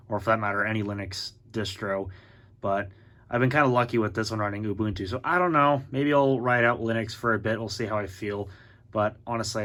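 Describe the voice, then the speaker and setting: Man, tech vlog walkthrough, fairly low voice, rambling, thinks out loud. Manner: rambling, self-correcting, thinks aloud. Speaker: tech vlogger.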